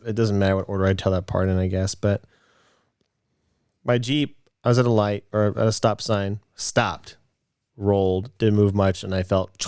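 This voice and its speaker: A man in his late twenties chats casually on a podcast, circling back and restarting as he tells a story. His voice sits low, and the recording is dry with no room sound. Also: smooth, no echo. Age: late 20s. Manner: rambling storyteller, restarts, animated in quotes. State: a bit out of breath. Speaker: podcast co-host. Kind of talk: casual chat.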